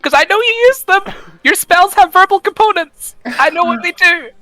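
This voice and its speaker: A woman voicing a strict, furious mother who shouts and scolds a child over her scribing. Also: on the high side, unhurried, vocal fry, no echo, faint music behind, poor audio. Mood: exasperated.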